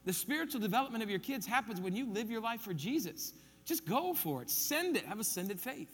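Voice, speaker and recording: A man's voice: high-pitched, sing-song, brisk, breathy edge, in a large hall. A man pastor preaching a sermon, emphatic, repeating his key points and counting them off.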